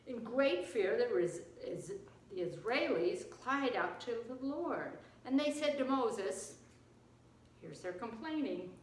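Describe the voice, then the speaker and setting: A woman teaching children, retelling and explaining a Bible story in an expressive way. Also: fairly high pitch, slow pace. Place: church. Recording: echoey room, distant mic.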